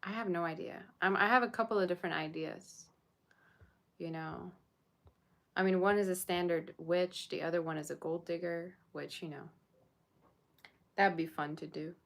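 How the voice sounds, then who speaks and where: A woman's voice: on the low side, fairly even intonation, normal speed, vocal fry, pauses often. A woman doing a live tarot reading, chatting casually with her viewers. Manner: chatty, talks to viewers and chat. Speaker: tarot reader.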